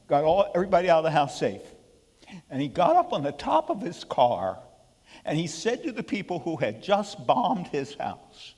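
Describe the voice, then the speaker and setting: In a live-streamed church hall before an audience, a man leads a sermon-style Bible study in a high-leaning, somewhat mellow voice with huge pitch swings and a big-room sound. Speaking at a normal speed, he's emphatic and keeps checking in with the congregation by asking "okay?".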